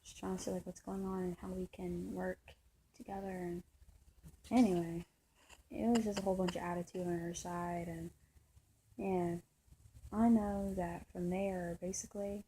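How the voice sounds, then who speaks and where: A woman's voice: fairly low pitch, flat delivery, normal speed, long pauses, warm tone, slight background noise, poor audio. A woman vlogging a long, rambling personal story in a frustrated tone, full of fillers and restarts. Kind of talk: casual storytelling monologue.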